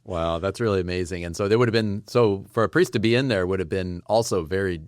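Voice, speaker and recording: A man's voice: low voice, quick pace, no room sound, clean studio sound. A man hosting a podcast interview, asking curious questions and thinking aloud. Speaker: podcast host. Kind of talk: casual interview chat.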